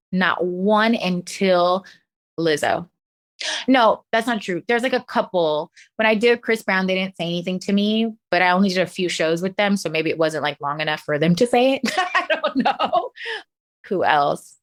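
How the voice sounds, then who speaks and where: A woman, a professional dancer, talking as a guest in a casual interview, animated, laughing often and acting out what people said to her. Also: fairly low pitch, normal speed. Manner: animated, laughs often, acts out quoted voices.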